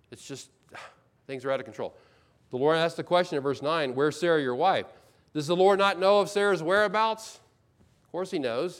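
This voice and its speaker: A male pastor preaching a sermon in a church, conversational and full of questions, often restarting sentences. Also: on the high side.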